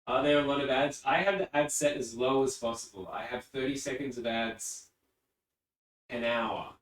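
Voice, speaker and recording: A man's voice: mid-range voice, normal speed, fairly bright tone. A man from England chatting casually on a live stream, rambling and easily distracted, often talking away from his desk microphone. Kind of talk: casual chat. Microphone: desk mic, often spoken from a distance. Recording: roomy echo, distant from mic.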